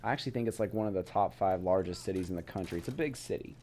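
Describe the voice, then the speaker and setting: A man's voice: low voice, racing, warm tone, slight background noise. A young man from the West Coast chatting casually in a vlog, rambling with lots of "like" and "you know". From Portland, Oregon, US West Coast. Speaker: vlogger. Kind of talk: casual travel vlog chat. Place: away on a work trip.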